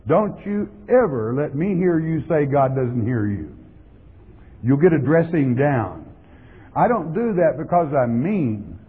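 A man's voice: fairly high pitch, big pitch swings, a little slow, a little hiss or hum. A man preaching a sermon as pastor, emphatic and repeating words for stress, on a tinny, lo-fi recording. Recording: tinny lo-fi sound in a reverberant hall.

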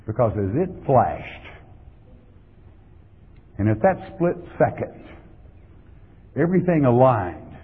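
A man's voice: medium pitch, sing-song, slow, pauses often, breathy edge. A man preaching a sermon as pastor, emphatic and repeating words for stress, on a tinny, lo-fi recording. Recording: tinny lo-fi sound in a reverberant hall.

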